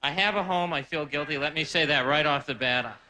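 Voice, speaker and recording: A man's voice: a little high, a little fast, sharp tone. A man doing a rambling, self-deprecating stand-up comedy set on a live stage, full of asides. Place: live stage before a laughing audience. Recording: noisy live recording.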